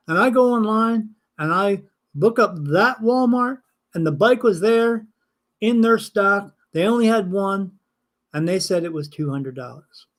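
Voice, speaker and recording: High-voiced older man telling a story. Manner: animated, acts out dialogue, casual swearing. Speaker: spirit medium hosting a live stream. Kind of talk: casual anecdotal storytelling.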